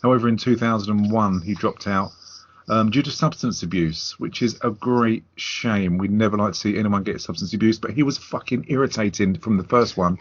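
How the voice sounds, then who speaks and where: A man with a lowish voice who gives dry, sarcastic jabs at his co-hosts while sharing film trivia. The audio is muffled. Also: a little fast. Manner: teasing, sarcastic, gossipy. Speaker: podcast co-host. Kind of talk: casual film review chat.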